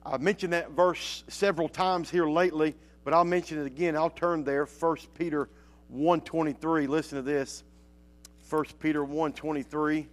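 A man preaching a sermon, reading scripture slowly and emphatically and dropping to soft asides in between. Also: a little high, steady tone.

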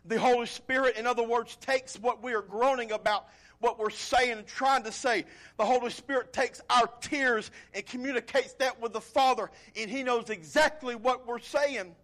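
A male pastor preaching a sermon, swinging from loud pleading appeals to quiet, low storytelling. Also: normal speed.

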